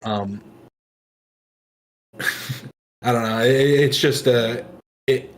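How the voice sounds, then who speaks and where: A man's voice: medium pitch, drawn-out words, a little hiss or hum. A man chatting as a panelist on a reaction stream, hesitant and thoughtful with many restarts. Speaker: guest panelist. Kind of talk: casual reaction chat. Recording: echoey room.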